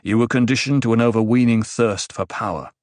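A man voicing a calm, cryptic male advisor in an audiobook, speaking in a measured, even, reasoning way. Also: medium pitch, no room sound, natural voice. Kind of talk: audiobook character voice.

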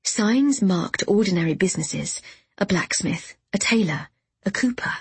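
Breathy woman narrating a novel. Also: lowish voice, no room sound. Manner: measured, first-person storytelling. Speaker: audiobook narrator.

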